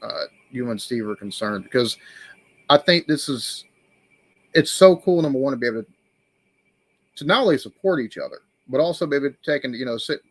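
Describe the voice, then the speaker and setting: Man, live-stream host, animated storyteller, dry close sound. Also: mid-range voice, fairly quick, long pauses, breathy edge, dry recording. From United States. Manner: animated storyteller, acts out quoted voices. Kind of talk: casual live-stream chat.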